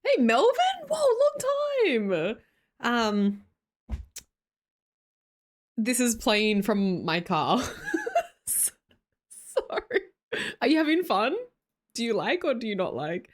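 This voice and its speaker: A woman's voice: mid-range voice, sing-song, takes it slowly, long pauses. A young woman with an Australian accent chatting casually with her live-stream viewers, laughing often and greeting them by name.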